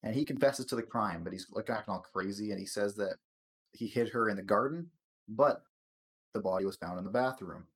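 Low-voiced man rambling through a recap. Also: brisk, breathy edge. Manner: rambling, profane, stumbles over words and laughs often. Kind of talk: casual chat recapping a TV episode.

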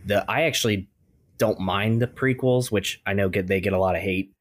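A young man with a lowish voice talks casually on a podcast, close to a dry mic. He muses like a film buff, circling back and restarting his thoughts as he goes. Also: moderate pace, no room sound. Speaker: podcast co-host. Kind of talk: casual chat.

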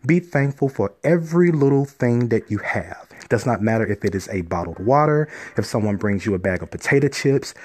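A man's voice: medium pitch, animated, a little fast, few pauses. A man hosting a motivational podcast as a life coach, talking in an upbeat, encouraging way straight to his listeners.

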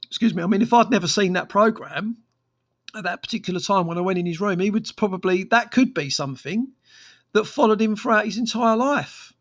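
A man's voice: sits high, fairly quick, a bit bright. A man, a therapist talking frankly on his own podcast with many fillers and restarts. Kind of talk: casual solo podcast monologue.

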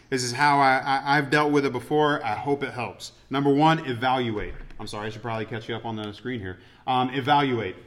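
A man's voice: mid-range voice, fairly bright tone. Conversational man preaching a sermon. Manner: conversational, self-deprecating joking asides. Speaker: pastor.

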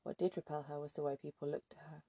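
Gravelly, dark-voiced woman narrating. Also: low-pitched, flat delivery, quick pace, no echo. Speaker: audiobook narrator. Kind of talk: scripted narration.

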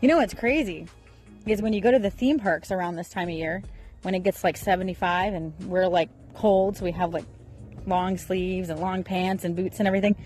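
A woman in her thirties from Florida, chatting casually to her viewers in an expressive vlog, recorded outdoors. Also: on the low side, fairly quick, soft background music, poor audio. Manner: chatty and expressive, rising into excited bursts. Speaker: vlogger.

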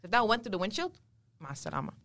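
A young woman telling a story in a casual group chat, rapid and profane. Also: medium pitch, very animated, a bit bright, dry recording.

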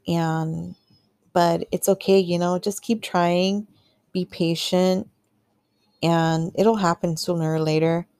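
A woman's voice: on the low side, creaky, mellow, no echo. A woman hosting a podcast, telling a personal story in a candid, chatty way full of fillers and acted-out quotes. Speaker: podcast host. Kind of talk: casual storytelling monologue.

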